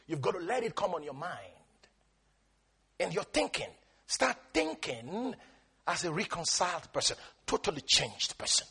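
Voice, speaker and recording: High, husky preaching pastor. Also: male voice. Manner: emphatic, shouting lists and calls for responses. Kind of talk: sermon.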